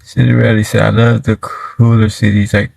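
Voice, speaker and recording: A man's voice: on the low side, little pitch movement, moderate pace, vocal fry, darkish tone, no room sound, low-quality recording. A man chatting casually and telling a story on a livestream from inside his car, in a slangy, laid-back way that keeps checking in with his listeners. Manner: slangy and laid-back, lots of "you feel me".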